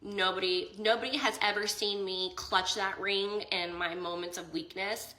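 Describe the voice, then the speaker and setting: A woman's voice: mid-range voice, steady tone, normal speed, pushed and bright, roomy sound, poor audio. A young woman telling an emotional personal story in a casual vlog, quoting both sides of a conversation and saying "like" a lot. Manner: tearful and emotional near the end. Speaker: vlogger.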